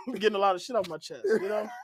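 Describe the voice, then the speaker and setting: A man's voice: high-pitched, a little fast, heavy background noise. A man who is a comedian and pastor, telling crude comic stories on a podcast, laughing through them and acting out other people's lines. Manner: acts out other people's lines in raised voices.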